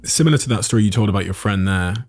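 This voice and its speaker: A man hosting a podcast, asking measured, reflective questions. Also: lowish voice, animated, darkish tone, no echo. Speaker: podcast host. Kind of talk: interview questioning.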